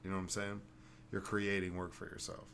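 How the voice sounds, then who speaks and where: A man's voice: low-pitched, little pitch movement, fairly quick, fairly bright tone, slight background noise. A man hosting a casual podcast, telling rambling stories full of swearing. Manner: rambling, profane, storytelling. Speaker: podcast host.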